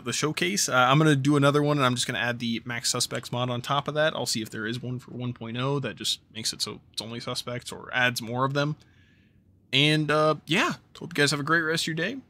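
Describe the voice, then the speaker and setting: A man giving casual, rambling commentary over a game he is playing, with plenty of fillers. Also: mid-range voice. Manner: relaxed rambling with frequent fillers. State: hiccups. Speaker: gaming YouTuber.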